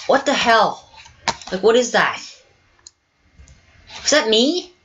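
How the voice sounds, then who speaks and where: A woman hosting a let's play video, giving excitable gameplay commentary full of exclamations and swearing. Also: on the high side, slow, lo-fi sound, a little hiss or hum.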